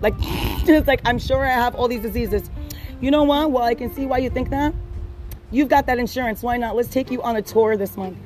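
A woman casually telling stories about her clinic job, animated and laughing, acting out the people she quotes. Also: fairly high pitch, a little fast, faint music behind. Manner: animated, acts out quoted patients, laughs often. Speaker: podcast host telling work stories. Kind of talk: casual storytelling chat.

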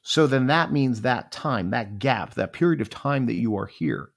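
A man's voice: medium pitch, lively intonation, moderate pace, gravelly. A man in his forties telling a personal story in a rambling, reflective way, often repeating phrases.

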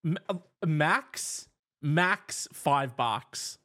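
A man with a somewhat high, bright voice jokes with his co-host on a casual podcast. He riffs on silly ideas and works himself into mock-indignant rants. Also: lively intonation, very slow. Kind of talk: casual advice-podcast chat.

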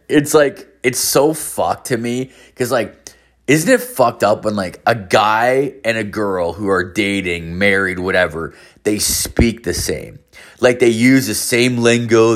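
A man in his thirties telling a rambling, profane comic story. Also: lowish voice. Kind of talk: comedic personal storytelling.

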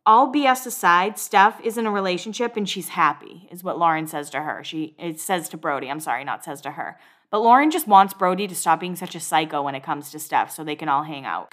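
Young woman, podcast host, casual chatty recap, curses freely, mid pitch. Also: fairly quick, fairly bright tone. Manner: chatty, swears casually, acts out quotes. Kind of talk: casual chat.

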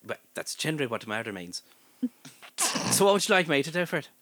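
A man's voice: fairly high pitch, sing-song, fast talker, fairly bright tone, dry recording. A man doing a wobbly Irish-Scottish priest. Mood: flustered bantering. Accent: put-on Irish drifting into Scottish. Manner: playful improvised bits, laughing at himself. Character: bumbling flustered male Irish priest turning Scottish. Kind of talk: improv comedy role-play.

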